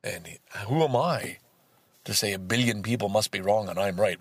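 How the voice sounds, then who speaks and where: A man reading a book aloud and commenting on it, breaking into exasperated, swearing outbursts between calm passages. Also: lowish voice, normal speed, breathy edge, dry recording. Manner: swears often.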